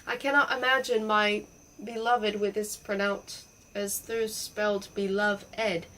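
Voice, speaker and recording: A woman's voice: medium pitch, steady tone, a little slow, sharp tone, recorded from a distance, a little hiss or hum, low-quality recording. A woman voicing an eccentric, pompous old great-uncle who fusses over spellings.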